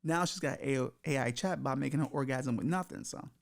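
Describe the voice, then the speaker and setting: Gravelly man riffing crudely. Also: medium pitch, fairly quick. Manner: crude, rambling, self-mocking. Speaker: podcast host. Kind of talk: casual comedic monologue.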